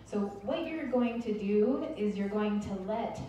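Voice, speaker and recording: A woman teaching the Alexander Technique, gently and encouragingly guiding a group through an exercise step by step. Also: medium pitch, lively intonation, a little slow, lo-fi sound. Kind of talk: guided group exercise instruction. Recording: roomy distant mic with faint noise.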